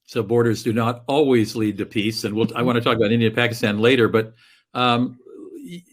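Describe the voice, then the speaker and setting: A man's voice: medium pitch, a little fast. A man hosting a talk show, interviewing a guest with conversational, prompting questions. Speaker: radio show host.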